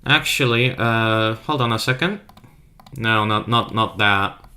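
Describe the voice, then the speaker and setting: Bright-voiced playful man streaming. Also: on the low side, unhurried. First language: not English. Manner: playful, trolling, reads chat aloud and riffs; self-described custom made-up accent. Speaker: art streamer. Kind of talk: casual live-stream chat.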